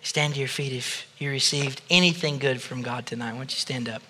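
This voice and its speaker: A man, a pastor, leading a congregation through a slow, gentle guided prayer of forgiveness. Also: medium pitch, crowd noise, background noise. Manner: soft, slow prayerful guidance that rises to loud praise.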